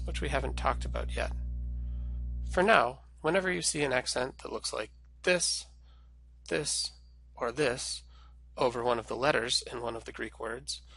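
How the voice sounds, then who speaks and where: A man teaching a recorded language lesson, walking through each sound patiently and clearly. His voice has a gravelly edge and a bright, forward tone. The sound is close and dry. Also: mid-range voice, no room sound. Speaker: Greek language instructor.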